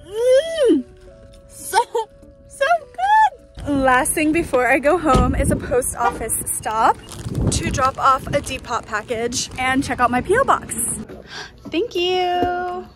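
Bubbly and chatty, this young vlogger narrates a day in her life with trendy slang and frequent laughter while music plays behind her. She speaks in a high-pitched, unhurried voice.

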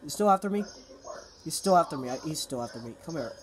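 A man's voice: on the high side, animated, fast talker, background noise. Young man, game player, casual commentary, jittery, panicky outbursts.

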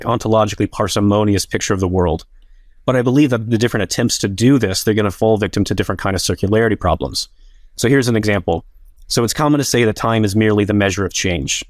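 Low-voiced man arguing philosophy casually. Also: dry recording, clean studio sound. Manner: casual, filler-heavy with frequent "like". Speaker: philosopher in a debate. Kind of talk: academic debate argument.

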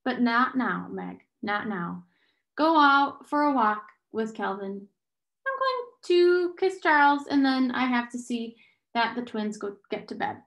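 A woman reading aloud and voicing a calm, modest mother who speaks gently, in an echoey room. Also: a little high, measured pace. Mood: gentle.

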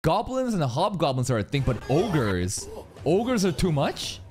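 Excitable young man reacting to anime. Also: on the high side, a little slow, soft background music. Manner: excitable, swears a lot, talks to the screen. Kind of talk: casual reaction commentary.

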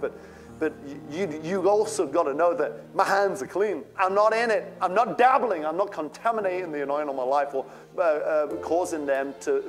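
A male pastor preaching a sermon with fervent, rising outbursts. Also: fairly high pitch.

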